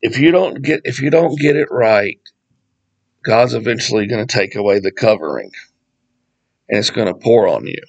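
A man's voice: on the low side, animated, moderate pace, vocal fry, long pauses, highs cut off. A man leading a casual Bible study, talking conversationally with asides and reading scripture passages aloud. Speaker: Bible teacher.

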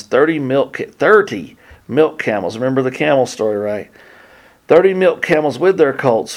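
A middle-aged man teaching a casual sermon, reading scripture and adding joking, chatty asides. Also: medium pitch. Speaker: Bible teacher.

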